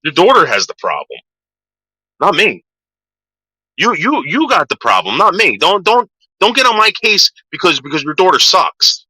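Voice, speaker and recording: This livestream host is agitated and profane, cursing a lot and circling back over the same points as his rant builds. His high, sing-song voice moves at a moderate pace and sounds bright, forceful and husky. The recording is dry and rough.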